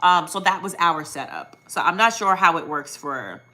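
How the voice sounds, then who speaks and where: A young American woman who vlogs about weight loss surgery hosts a live stream, chatting casually and answering viewers. She's upbeat and talkative, with frequent ums and self-corrections, and her fairly low voice sounds animated, bright and forceful at a moderate pace.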